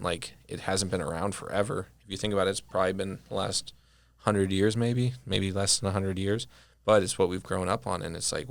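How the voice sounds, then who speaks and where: Deep, gravelly young man. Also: dry recording. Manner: animated storyteller, heavy use of "like". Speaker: podcast guest. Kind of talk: casual conversation.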